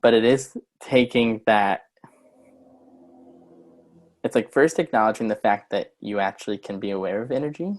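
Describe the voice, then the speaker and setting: A man's voice: fairly low pitch, normal speed, pauses often. A man, a guest coach, explaining ideas in an earnest conversational way and acting out short example lines, heard over a video call.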